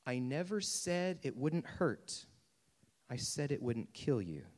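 A man voicing a calm, solemn male angel of fire who speaks slowly and insists. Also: medium pitch, in a large hall. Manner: slow, grave, insistent.

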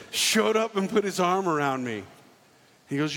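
High-voiced animated man preaching in a hall. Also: measured pace, pauses often. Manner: animated, acts out voices and jokes. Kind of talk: comedic sermon storytelling. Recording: hall reverb, faint noise.

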